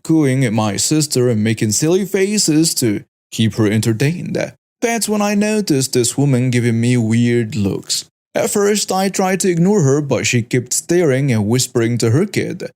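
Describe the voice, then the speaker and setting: A man's voice: mid-range voice, darkish tone. A man reading a scripted first-person story with a dramatic storytelling delivery. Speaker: story narrator.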